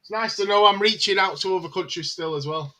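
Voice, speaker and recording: A man's voice: high voice, fast talker, pushed and bright. A man hosting a live match watchalong stream, chatting casually, calling the play and answering viewer comments with frequent filler words.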